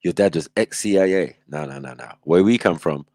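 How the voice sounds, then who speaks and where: A man's voice: low-pitched, moderate pace, a little mellow, no room sound. A man hosting a livestream, reacting in casual, slangy commentary and laughing often. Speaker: livestream host.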